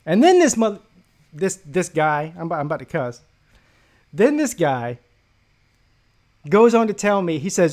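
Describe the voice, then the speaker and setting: A man's voice: high-pitched, big pitch swings, moderate pace, long pauses, a little mellow. A man hosting a casual sports talk stream, telling a story in a profane, mocking way.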